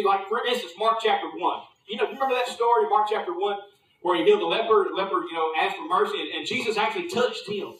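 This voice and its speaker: A high-pitched male preacher delivers a sermon in a loose, conversational way and keeps checking in with the congregation. His voice rings through a roomy, echoing space, picked up by a mic some distance from him. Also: fairly bright tone. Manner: conversational, asks the congregation questions.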